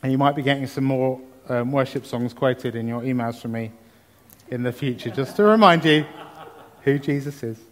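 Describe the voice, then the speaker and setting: A man's voice: mid-range voice, normal speed. A man preaching a sermon, reading scripture and talking about it with exuberant emphasis. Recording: long hall reverb.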